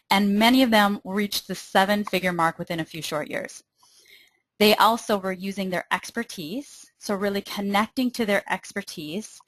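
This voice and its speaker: A woman's voice: mid-range voice, dry recording. A young adult woman with a Minnesotan accent, presenting a marketing webinar in an upbeat, persuasive way and speaking straight to her listeners.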